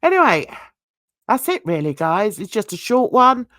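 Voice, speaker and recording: A woman with a medium-pitched, fairly bright voice speaks very animatedly at a moderate pace, recorded cleanly in a studio with no room sound. Hosting a true crime channel, she reads out viewer comments in a casual, self-deprecating way, stumbling on words and laughing at herself.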